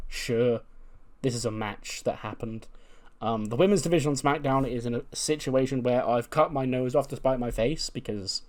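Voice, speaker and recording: A man's voice: medium pitch, a little mellow. A man narrating a wrestling management game in a chatty, self-mocking way. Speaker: streamer. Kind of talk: casual game commentary.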